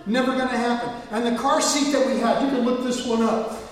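A man preaching a sermon as pastor, moving between quiet asides and emphatic quoted lines. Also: very high-pitched, steady tone, a little fast. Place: church sanctuary. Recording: echoey hall, voice from far off.

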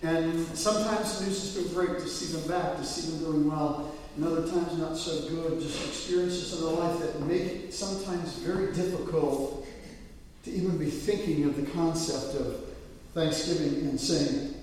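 Male pastor preaching, storyteller, kinda high voice, big echoey church from afar, faint room hum. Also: moderate pace, far from the mic. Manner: storytelling, swinging to loud excited peaks. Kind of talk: sermon. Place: church sanctuary. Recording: echoey hall, mic from afar.

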